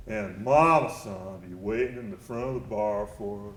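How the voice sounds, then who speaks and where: A man's voice: on the low side, moderate pace, hardly any pauses, a bit bright. A man performing a theatrical one-man monologue on stage, telling his story in a reflective, tender and wry way. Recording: echoey live theater recording.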